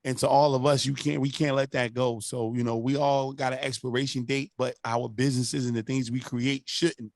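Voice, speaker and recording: A man's voice: mid-range voice, level tone, normal speed, few pauses, no room sound, studio quality. A man hosting a casual interview, supportive and agreeing, asking his guest questions. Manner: supportive, agreeing, brief affirmations.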